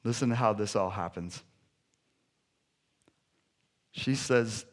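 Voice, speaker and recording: A man preaching a sermon, retelling stories with lively energy and then dropping to soft, hushed appeals. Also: fairly low pitch, unhurried, pauses often. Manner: animated storytelling that drops to soft, hushed appeals. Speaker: pastor.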